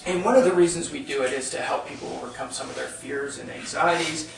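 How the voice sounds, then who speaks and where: A man with a slightly high, gravelly voice tells a story to a live audience in an easy, conversational way. He is heard from some distance in an echoey room, with faint room ambience behind him. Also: fast, noisy background. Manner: conversational, frequent "right?" checks with audience. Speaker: workshop leader. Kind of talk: storytelling workshop talk. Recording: echoey room, speaker off-mic.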